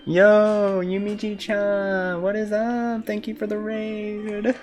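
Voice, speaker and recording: Chatty game streamer, jokey and giggly, middle pitch, light background music. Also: little pitch movement, takes it slowly, darkish tone. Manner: laughs often, joking, greets viewers. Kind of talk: casual live-stream chat while gaming.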